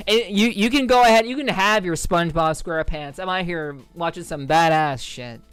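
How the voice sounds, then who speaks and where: A woman from the New York City area talks loosely to her livestream chat, wandering from thought to thought and swearing freely. Her voice is smooth and clear, broken up by frequent ums and quick laughs. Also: fairly low pitch, expressive, no echo, soft background music. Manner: rambling, profane, full of ums and laughs. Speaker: streamer. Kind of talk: casual livestream chat with viewers.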